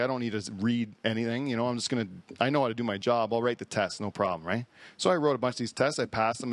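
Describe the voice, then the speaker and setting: In a studio hall, a male podcast host with a mid-range voice chats casually, spinning rambling, profane stories and laughing at his own jokes. The recording has no echo.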